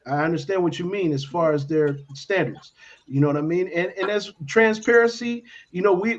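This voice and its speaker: A man hosting a casual morning talk show, laid-back and repeating his catchphrases. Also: high-pitched. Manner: laid-back, repeats "you know what I'm saying". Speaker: radio talk show host. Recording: dull lo-fi stream audio.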